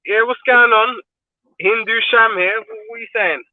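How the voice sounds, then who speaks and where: A man's voice: sits high, steady tone, moderate pace, no room sound, narrow, tinny audio. A man joining a live stream as a guest, teasing the host in a laid-back, casual way. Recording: loud background hiss on call.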